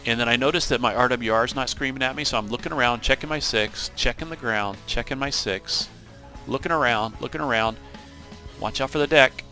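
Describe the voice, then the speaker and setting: A man giving casual, animated commentary over his own flight-sim gameplay, acting out what he and his wingman said. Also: mid-range voice. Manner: animated storytelling, acts out radio calls. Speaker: gaming channel host.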